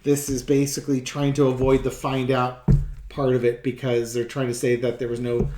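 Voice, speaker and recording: A man's voice: medium pitch, completely flat delivery, moderate pace, noisy background. Sarcastic rambling man in an echoey room. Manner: rambling, sarcastic, many restarts and fillers. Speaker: tarot reader. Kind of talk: casual tarot reading commentary.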